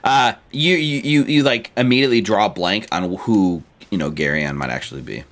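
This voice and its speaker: A man's voice: lowish voice, fairly quick, fairly bright tone. A man running a tabletop game over a voice call, narrating loosely and casually with lots of fillers and laughs. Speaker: game master.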